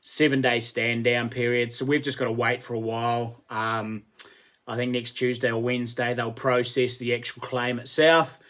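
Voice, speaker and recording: A man's voice: mid-range voice, flat delivery, normal speed, a bit bright. A middle-aged man with a New Zealand accent, hosting a casual livestream chat, greeting and thanking viewers by name and laughing often. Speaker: livestream host.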